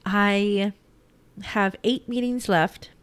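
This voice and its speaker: A woman's voice: mid-range voice, fairly even intonation, extremely slow, clear, resonant tone, dry recording. A young woman vlogging casually about her day, rambling with lots of fillers and holding back tears. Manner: chatty, rambling, many fillers. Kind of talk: casual personal vlog.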